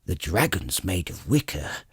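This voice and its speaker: A man doing a gruff husky old dwarf. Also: sits low, big pitch swings, measured pace, a bit bright, dry recording, clean studio sound, heavily acted. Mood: gruff urgent. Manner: growling, terse.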